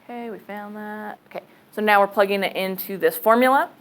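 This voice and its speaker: Speaking briskly in a mid-range voice, this woman teaches math in a laid-back lecture, working through ideas out loud and checking on her class. The recording is rough. Her manner is casual and talkative, with frequent "okay"s.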